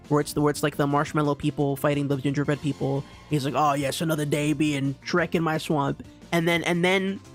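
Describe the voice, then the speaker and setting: A young man streaming live, rambling casually and stammering through many restarts and repeats. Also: fairly high pitch.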